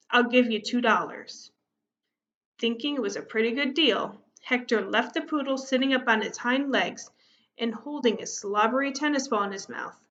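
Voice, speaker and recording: A woman teacher reads a children's story aloud with steady, expressive narration. Her voice sits on the higher side, and the recording sounds muffled and lo-fi.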